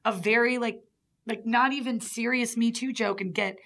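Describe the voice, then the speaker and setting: A woman's voice: a little high, moderate pace. A woman on a radio talk show, chatting casually and acting out quoted voices as she tells stories. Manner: animated storyteller, acts out quotes. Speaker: stand-up comic guest. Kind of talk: casual chat. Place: radio studio.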